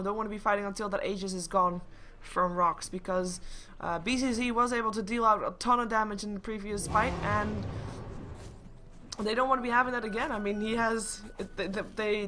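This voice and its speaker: A woman's voice: mid-range voice, bright, forceful tone, a little hiss or hum. A young woman doing solo live esports commentary, chatty and joking with her stream chat between play calls. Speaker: esports caster.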